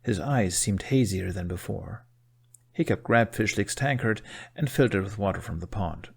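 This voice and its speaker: A man narrating a fan fiction audiobook in an expressive storytelling manner. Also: on the low side, normal speed, vocal fry, husky.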